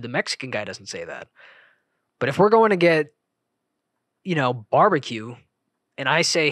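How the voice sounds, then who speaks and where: A young man talks on his own podcast in a fairly high voice, close to the mic in a dry, dead room. He rambles, breaks off his own thoughts, and swings from loud outbursts to mumbled asides. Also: very animated, fairly quick, no echo. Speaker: podcast host. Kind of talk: solo podcast monologue.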